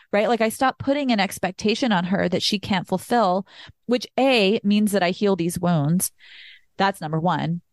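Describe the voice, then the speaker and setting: A woman's voice: medium pitch, no echo, clean studio sound. Candid woman sharing personal healing story. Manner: candid and emotional, says "like" often, sometimes swears. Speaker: podcast host. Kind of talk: personal reflective monologue.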